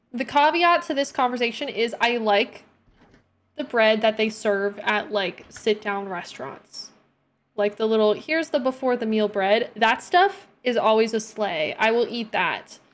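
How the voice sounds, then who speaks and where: Chatty young woman streaming a life-sim game. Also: on the high side. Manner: chatty and expressive, talks to her game characters. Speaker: gaming streamer. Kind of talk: casual gameplay chat.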